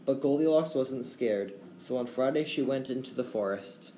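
A man reading a children's fairy tale aloud as a storyteller, with gentle, expressive delivery. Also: medium pitch, normal speed. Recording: roomy echo, faint background hum.

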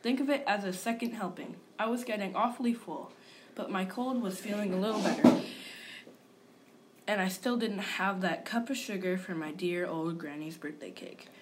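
A woman's voice: medium pitch, moderate pace, noisy background, natural voice. A woman reading aloud as a male wolf narrator, telling his side of the story in an aggrieved, confiding manner. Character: wolf, male, self-pitying and sly.

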